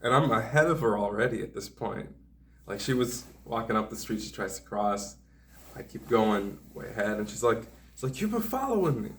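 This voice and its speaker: A man's voice: lowish voice, steady tone, normal speed, a bit bright, far from the mic, slight background noise. A man telling a meandering personal story in a sardonic tone, full of hedging asides. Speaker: vlogger.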